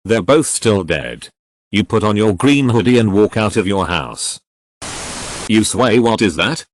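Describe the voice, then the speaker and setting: Deadpan man reading absurd stories. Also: on the low side, unhurried, slight background noise. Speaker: narrator. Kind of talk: reading funny game stories aloud.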